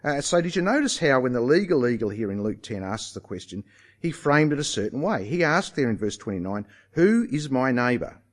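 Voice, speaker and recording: A man preaching a sermon, emphatic and animated, putting rhetorical questions to his listeners. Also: medium pitch, brisk.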